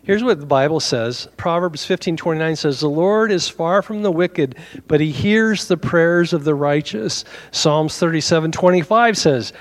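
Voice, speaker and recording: Animated man preaching a lively sermon. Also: a little high, moderate pace. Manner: animated, conversational preaching with asides and laughs. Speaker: pastor.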